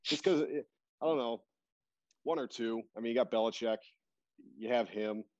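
A man's voice: medium pitch, moderate pace, darkish tone, no room sound. A man chatting casually about sports on a podcast, rambling with lots of fillers and restarts. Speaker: podcast guest. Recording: dull, dry lo-fi recording.

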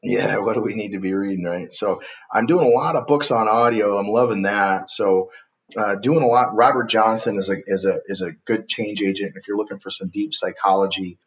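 A man with a lowish voice speaks as a podcast guest. He tells a story with energy and acts out the voices of the people in it. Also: normal speed, highs cut off. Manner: animated storyteller acting out quotes.

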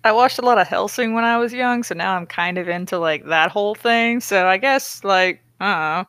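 A woman's voice: mid-range voice, moderate pace, fairly bright tone, smooth, dry recording. A woman co-hosting a comedy podcast, reading a novel aloud and mocking it in casual chat. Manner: sarcastic, mocking.

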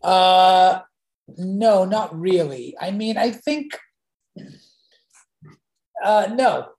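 A man being interviewed, telling an animated anecdote with frequent restarts and repeated words. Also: high-pitched, very slow, gravelly. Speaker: interview guest. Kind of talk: conversational storytelling. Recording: roomy echo.

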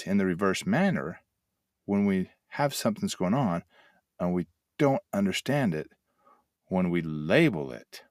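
A man's voice: deep voice, no echo, clean studio sound. An older man hosting a motivational talk, telling folksy stories and acting out little sound effects. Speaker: host and addiction mentor trainer.

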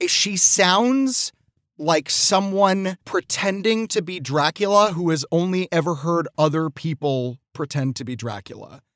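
A man on a film podcast who talks with wry sighs and casual swearing. His voice sits a bit high for a man. It is recorded dry and close. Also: expressive, a little slow, a bit bright, no room sound. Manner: sighing, wry, frequent swearing. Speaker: podcast co-host.

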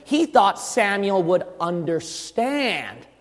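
A man's voice: sits high, very animated, takes it slowly, long reverb tail. A man preaching a fervent sermon as pastor, firing rhetorical questions at his congregation.

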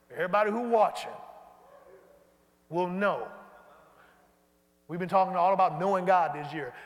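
A man preaching an animated sermon and leading the congregation in call-and-response. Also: high voice. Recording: hall reverb.

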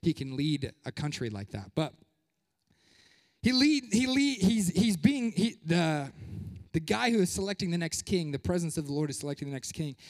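High-voiced young pastor preaching in a hall. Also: male voice, moderate pace. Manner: lively, joking preaching with playful voices. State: out of breath. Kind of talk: sermon. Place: church sanctuary.

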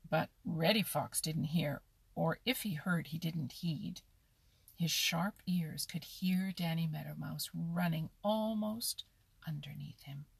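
A woman reads a children's animal story aloud in a slow, expressive manner. Her voice is low and husky with some gravel in it. The recording is close and dry. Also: no room sound. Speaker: narrator. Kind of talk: storybook reading.

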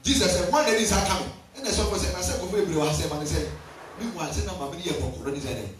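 A man's voice: sits high, very fast, crowd noise. A man preaching a sermon as pastor, calling out to his congregation and switching between languages. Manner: preaching loudly with shifts between languages and call-and-response. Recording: distant mic in a very echoey hall with faint music.

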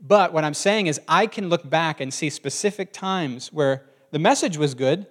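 A pastor with a voice on the high side preaches a sermon at a moderate pace. His style is conversational, and he often puts questions to the congregation.

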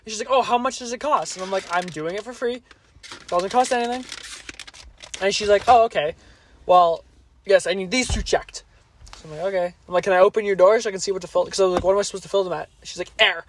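A man's voice: high-pitched, fast, a little hiss or hum. Profane rambling man telling a story. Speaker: podcast co-host. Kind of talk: casual chat, storytelling.

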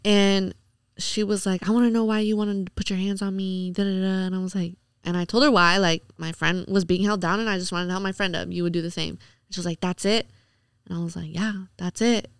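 A young woman speaks as a podcast guest, her voice very smooth and clean and her tone at an ordinary middle pitch. She tells the story casually and chattily, full of "like" and acted-out quotes. The sound is close and dry, with no room around it. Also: steady tone, fairly quick, dry recording. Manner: chatty, retells the night with quoted dialogue and "like"s.

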